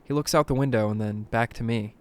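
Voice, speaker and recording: A man reading creepy first-person stories aloud in a dramatic narration, dropping to a hush at tense moments. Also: mid-range voice, fairly quick, clean tone. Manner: dramatic, hushed at tense moments, bursts of alarm. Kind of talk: scripted horror story narration.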